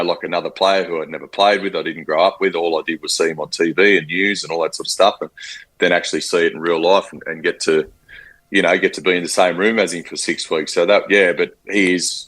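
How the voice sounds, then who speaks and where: A former rugby league player in his forties with an Australian accent, telling stories in a casual interview, animated and full of fillers. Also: low voice. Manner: animated storyteller, acts out quotes, frequent fillers.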